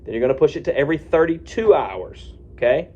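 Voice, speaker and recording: Folksy doctor talking plainly to camera. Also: male voice, fairly high pitch, animated, a little fast, dark tone, highs cut off. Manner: conversational, folksy, frequent "okay?" and "right?" checks. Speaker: physician giving addiction-medicine advice. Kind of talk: casual talk to camera.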